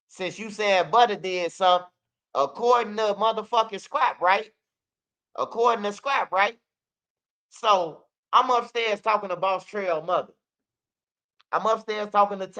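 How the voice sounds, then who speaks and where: Bright, high-voiced Chicago man telling stories. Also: a little slow, smooth. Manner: animated, profane, acts out quotes of others. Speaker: guest telling street stories. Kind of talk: casual storytelling.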